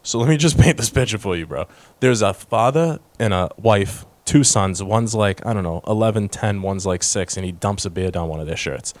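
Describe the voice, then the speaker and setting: A man co-hosting a podcast, telling stories in a slangy, animated way and acting out quotes. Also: on the low side, normal speed, no echo. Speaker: podcast co-host. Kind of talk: casual chat, storytelling.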